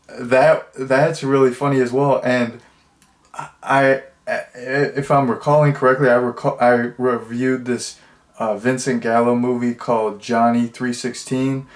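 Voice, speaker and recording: A young man talks through a film review in a loose, rambling way, clearly amused by what he describes. His voice sits at an ordinary middle pitch for a man, and his delivery is chatty and unhurried. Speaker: movie reviewer. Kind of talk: casual movie review.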